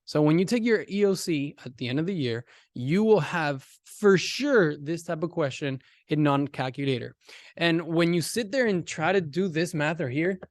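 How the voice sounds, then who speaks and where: A man teaching a casual math lesson, animated and talking directly to his students. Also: on the high side, moderate pace, dry recording, clean studio sound.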